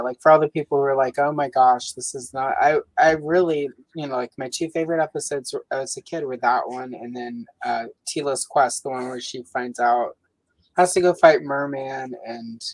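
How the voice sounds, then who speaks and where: A woman hosting a coloring livestream in casual chat, talking with many fillers and lively swings in pitch. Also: no echo, low-quality recording. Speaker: livestream host.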